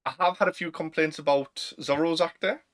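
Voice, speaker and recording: A young man with a Northern English accent, co-hosting a casual chat, chatty and quick to laugh. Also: on the high side, fairly even intonation, fairly bright tone. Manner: chatty, laughs often, fillers. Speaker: podcast co-host.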